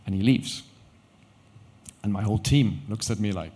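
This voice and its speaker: A middle-aged man, a company founder, telling a story on stage with animated quoted dialogue. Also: on the low side, moderate pace, husky. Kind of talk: conference storytelling talk. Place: event stage.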